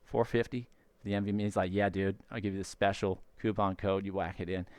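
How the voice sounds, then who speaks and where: A man's voice: sits low, steady tone, fast talker, darkish tone, smooth, no room sound, pitched below the performer's own voice, close to an everyday voice. A man voicing a laid-back young Californian stoner in a put-on accent, drawling and saying "dude" constantly.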